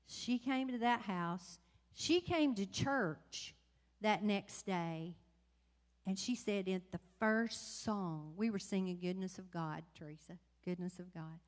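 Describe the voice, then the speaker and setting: A woman tells her church about a mission trip in a rambling, animated way, backing up and restarting her sentences. Her voice sits mid-range and rings out in a church hall with a long reverb. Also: mid-range voice, slow pace. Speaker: mission trip member giving report. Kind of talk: casual testimony to congregation. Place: church sanctuary.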